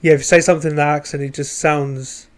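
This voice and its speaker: Joking man with a fairly high voice. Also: little pitch movement, fast talker. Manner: jokey, self-mocking. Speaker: podcast co-host. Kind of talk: casual chat.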